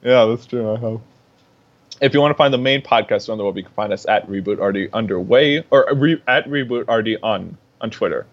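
A man's voice: lowish voice, brisk, muffled recording. A man co-hosting a podcast in casual chat, rambling a little and laughing often. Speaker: podcast co-host.

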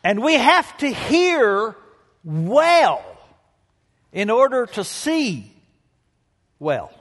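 A male pastor preaching a sermon with emphatic delivery and dramatic pauses, telling stories to the congregation. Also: very high voice, very animated, fairly bright tone, long reverb tail.

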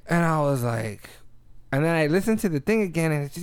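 A man's voice: fairly high pitch, animated, quick pace, clear, resonant tone. A man hosting a podcast, telling a story casually, cursing and restarting his sentences as he goes. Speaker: podcast host. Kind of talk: casual chat.

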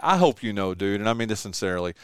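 Man, radio host, effusive, casual chat, smooth voice, dry studio sound. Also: on the low side, very animated, quick pace, no room sound. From eastern North Carolina. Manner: effusive and enthusiastic.

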